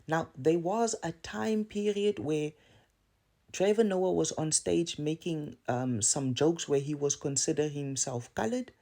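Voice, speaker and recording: A man with a South African accent talks straight to his viewers in a casual opinion monologue. His voice is dark and mellow, and he builds his points with rhetorical questions and repeated phrases. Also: on the high side, unhurried, creaky. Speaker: video commentator.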